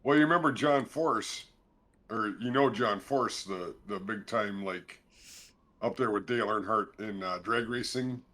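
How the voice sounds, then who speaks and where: Chill guy on a game stream, talks slow, jokey. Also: on the low side, bright, forceful tone. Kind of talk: casual gaming stream chat.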